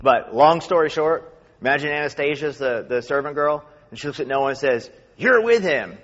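Fast-talking preacher with faint New York accent. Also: male voice, mid-range voice, steady tone. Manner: talks fast. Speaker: pastor. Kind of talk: sermon with scripture reading. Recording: echoey hall, dull sound.

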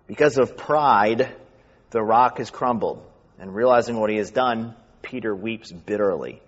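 A man from New York with a faint New York accent, a pastor preaching fast and reading scripture. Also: lowish voice. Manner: talks fast. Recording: echoey hall, dull sound.

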